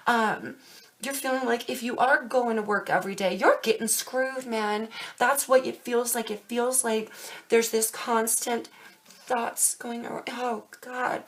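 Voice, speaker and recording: A young woman doing a casual tarot reading to camera, emphatic and quick to swear as she talks straight to her viewers. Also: on the high side, a bit bright. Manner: emphatic, swears freely, speaks directly to viewers. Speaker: tarot reader.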